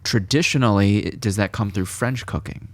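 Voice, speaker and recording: A man's voice: lowish voice, normal speed. A man hosting a podcast, asking questions casually with stammering restarts and short backchannels. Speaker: podcast host. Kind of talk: casual interview.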